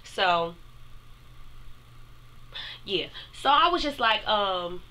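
A woman's voice: medium pitch, expressive, very slow, sharp tone, low-quality recording. A young woman telling a casual storytime to her viewers in a chatty way, speaking straight to them.

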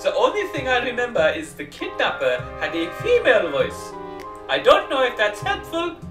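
A whiny townsman with a bellyache in a video game, squealing every line. The voice is very high and loud, and the mic sits far off in an echoey room. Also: wildly swooping pitch, moderate pace, over music, exaggerated voice. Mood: pained. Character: squealing sick townsman with a stomach ache.

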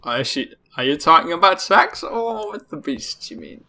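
A man giving let's-play commentary, excitable and panicky, swearing often at the game. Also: a little high, normal speed. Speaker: gaming channel host.

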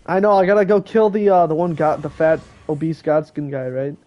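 A man's voice: on the high side, steady tone, a little fast, hardly any pauses, dark tone, slight background noise. A teenage boy streaming a video game, joking and chatting casually with friends on a call. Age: teens. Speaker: gaming streamer. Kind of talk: casual live-stream commentary.

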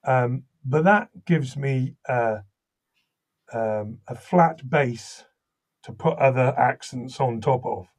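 A man from Wales with a slight Welsh accent, a voice actor and audiobook narrator telling animated stories in an interview, often restarting his sentences. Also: mid-range voice, takes it slowly. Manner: animated anecdotal storytelling, many restarts. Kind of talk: interview conversation.

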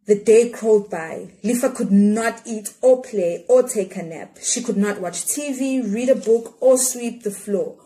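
A woman reads a children's picture book aloud, shaping each phrase expressively. She leans into dramatic pauses at a mid-range pitch. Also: dark tone. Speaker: storyteller. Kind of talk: children's storybook read-aloud.

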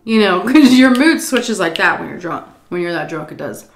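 A woman telling a story while eating, animated and profane, jumping into a high voice when she acts out quotes. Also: a little fast, gravelly, roomy sound. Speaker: YouTube storyteller. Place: home, indoors.

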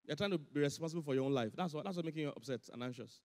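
A man preaching, his voice pitched high for a man. He drives his points home through animated repetition, and his voice rings out with the long reverb of a large church hall. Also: very fast. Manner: animated, laughing, emphatic repetition. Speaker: pastor. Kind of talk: sermon.

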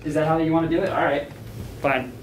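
A man's voice: a little high, fairly even intonation, fast talker. A man acting a teacher in an amateur school skit, laid-back and evasive, laughing things off. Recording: roomy echo, from far off the mic.

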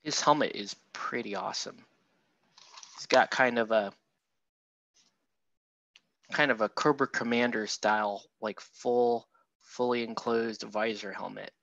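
Gravelly, chatty painting streamer. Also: male voice, medium pitch, steady tone, unhurried, pauses often, fairly bright tone, no echo, highs cut off. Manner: chatty, rambling, self-mocking, talks to chat as he paints. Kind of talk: casual livestream painting tutorial.

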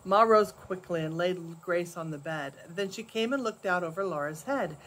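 An older woman, a grandmother, reading a storybook chapter aloud in a soft, measured way. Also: fairly low pitch, slight background noise.

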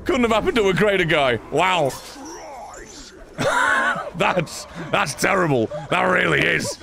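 A man's voice: high-pitched, huge pitch swings, slow pace, gravelly, noisy background. A man giving sarcastic, mocking live commentary as a streamer playing a video game.

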